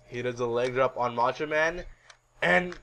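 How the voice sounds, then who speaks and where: A man co-hosting a podcast, excitedly recapping a wrestling event in casual chat, swearing and laughing as he rants. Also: mid-range voice, moderate pace, creaky, a little hiss or hum. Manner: excitable, swearing, laughs at his own rant. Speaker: podcast co-host.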